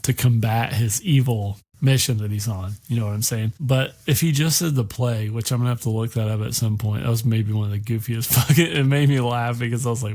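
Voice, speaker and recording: A man's voice: medium pitch, a little fast, few pauses, darkish tone, no echo. A man hosting a podcast, retelling a movie in a casual, rambling way that is full of swearing. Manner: rambling and heavily profane, acting out characters' lines. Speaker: podcast host.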